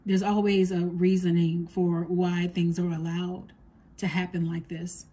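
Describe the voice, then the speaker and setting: A woman psychic medium giving a spoken reading to her viewers, talking softly and earnestly as she relays what a spirit tells her. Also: lowish voice, level tone, measured pace, husky.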